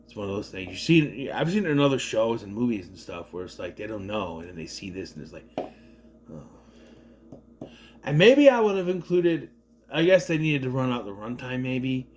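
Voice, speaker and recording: A man casually retelling and reviewing a movie in a rambling, animated way with lots of fillers. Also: mid-range voice, moderate pace, a little hiss or hum. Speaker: video reviewer.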